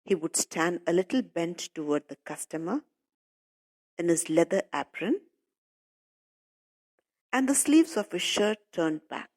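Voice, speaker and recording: Woman teacher with a low, lively voice. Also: unhurried, pauses often. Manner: patient, repeats and paraphrases, addresses pupils as children. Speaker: English teacher. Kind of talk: explaining a story to schoolchildren.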